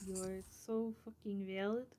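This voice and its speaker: A woman running a tabletop game as game master, easygoing and quick to laugh. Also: medium pitch, level tone, background noise. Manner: giggly, easygoing.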